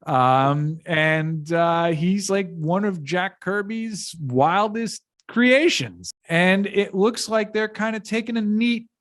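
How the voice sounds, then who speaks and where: A man hosts a podcast panel in a slightly high voice. He speaks slowly and in a relaxed, chatty way, with plenty of fillers. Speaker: podcast host. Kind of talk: casual panel chat.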